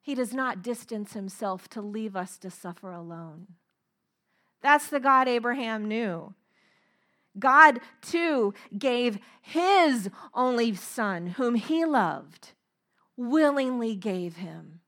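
A middle-aged woman preaching a sermon, earnest and emphatic, slowing down to stress key phrases. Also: on the high side, animated, fairly bright tone. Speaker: speaker.

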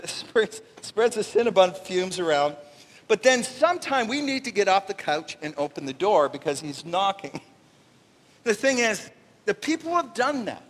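A man preaching a conversational sermon as pastor, animated and jokey, acting out little voices. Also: high-pitched. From Canada. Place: church sanctuary. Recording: long reverb of a church hall.

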